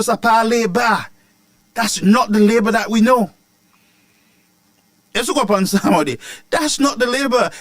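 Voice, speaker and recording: A fiery man hosts a political commentary show, his voice pitched high and swinging up and down as he rants. He fires rhetorical questions at listeners. The sound is close and dry, with no room echo. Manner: animated, ranting, rhetorical questions. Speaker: host of a news commentary show.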